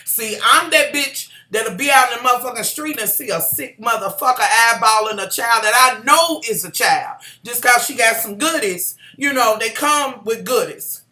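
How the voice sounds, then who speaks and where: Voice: mid-range voice, moderate pace, hardly any pauses. Sassy, profane reviewer. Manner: sassy, profane, animated storytelling. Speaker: TV show reviewer. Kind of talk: casual ranting recap. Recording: echoey room.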